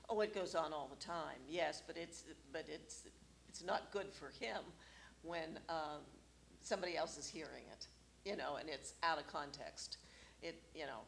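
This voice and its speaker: Female panelist, hesitant, very low and gravelly. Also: moderate pace, fairly bright tone, slight background noise. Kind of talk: casual talk show chat.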